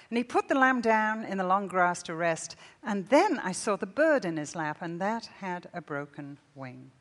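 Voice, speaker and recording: A woman's voice: mid-range voice, moderate pace, hardly any pauses. Woman preaching a sermon in a big, reverberant hall. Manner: expressive reading, rising loud then dropping to a hush. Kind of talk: sermon with a read-aloud story. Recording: long reverb in a large hall.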